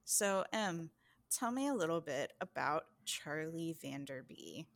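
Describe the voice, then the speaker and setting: A woman acting as game master, calmly asking a player relaxed questions about her character. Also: low voice, measured pace, creaky. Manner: relaxed, asks gentle questions. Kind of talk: easygoing game-master prep talk.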